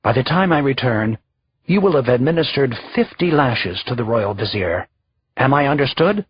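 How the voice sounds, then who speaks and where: A man's voice: medium pitch, expressive, normal speed, breathy edge, highs cut off. A man voicing a proud, hot-tempered young king who gives haughty commands in an audiobook. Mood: commanding.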